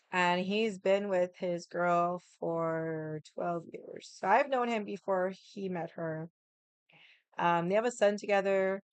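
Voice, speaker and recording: A woman's voice: lowish voice, clean tone, dry recording. A woman vlogger in casual chat, telling a rambling story bluntly and swearing freely.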